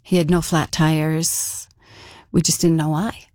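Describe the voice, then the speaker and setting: A woman's voice: deep voice, flat delivery, takes it slowly, darkish tone, no echo, clean studio sound. A woman telling a personal story in an interview, casual and conversational, with frequent fillers. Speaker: interview guest.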